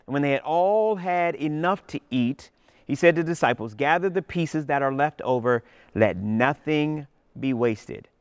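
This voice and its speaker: A man preaching a sermon as pastor, retelling scripture in a lively storytelling way. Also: fairly high pitch, normal speed, clear, resonant tone, dry recording.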